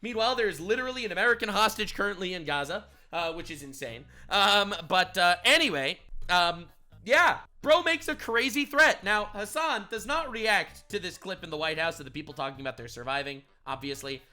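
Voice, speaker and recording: A man giving sarcastic, mocking reaction commentary on a video clip, excitable and quick to ridicule. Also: high-pitched. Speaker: commentary YouTuber.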